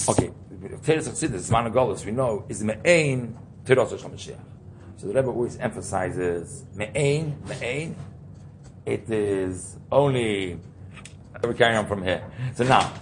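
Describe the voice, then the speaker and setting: A man's voice: on the low side, a little hiss or hum. A man teaching an informal Torah class, explaining ideas while he thinks aloud and repeats key terms.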